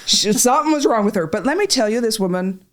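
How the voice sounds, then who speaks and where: Profane, animated woman telling a story. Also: on the high side, quick pace, faint music behind. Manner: profane, animated, acts out voices in quotes. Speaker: podcast guest, patient. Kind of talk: casual storytelling chat.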